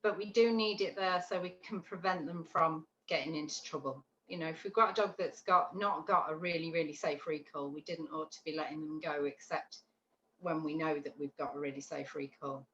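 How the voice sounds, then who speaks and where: A woman teaching a dog training class over a video call, chatty and animated, often checking in with "yeah?". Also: deep voice, brisk. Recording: roomy, dull lo-fi call audio with faint noise.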